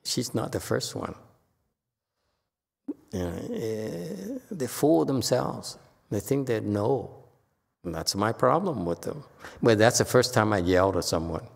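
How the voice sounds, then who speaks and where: A monk's husky, fairly low voice with vocal fry moves slowly through an informal sutra lecture, pausing often as he animatedly acts out the people in his stories. The temple lecture hall leaves a long reverb tail.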